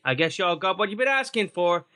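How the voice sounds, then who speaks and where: A man's voice: high voice, lively intonation, a little fast, bright, forceful tone, voice pushed up. A man putting on an indignant Irish-accented footballer. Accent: mixed Northern Irish and Irish. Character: angry male pro linebacker, mock Irish accent.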